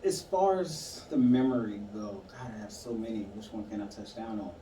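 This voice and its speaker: A man in a casual conversation, sharing a painful memory in a halting, reflective way. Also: on the low side, animated, warm tone. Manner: halting, reflective, many fillers. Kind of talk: casual conversation, personal story. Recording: echoey room, far mic, some noise.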